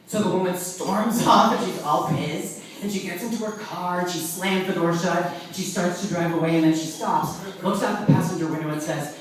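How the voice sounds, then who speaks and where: A man from Long Island telling a comic story on stage, wry and animated with self-mocking asides. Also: high-pitched, normal speed, a little hiss or hum. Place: live performance venue with audience. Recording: echoey room, far from the mic, audience laughter.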